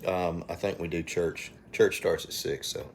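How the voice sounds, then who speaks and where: A man's voice: sits low, fairly even intonation, measured pace. A middle-aged man with an Alabama accent, rambling in a folksy way as he hosts a casual live stream from his phone at home. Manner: folksy, rambling, talks to viewers by name. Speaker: livestream host.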